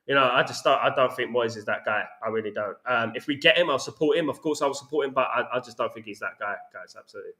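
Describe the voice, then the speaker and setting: A man's voice: mid-range voice, fast, few pauses, sharp tone. Blunt man ranting casually. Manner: blunt, opinionated, repeats himself with "you know what I mean". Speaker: host reading viewer chat. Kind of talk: casual live-stream chat.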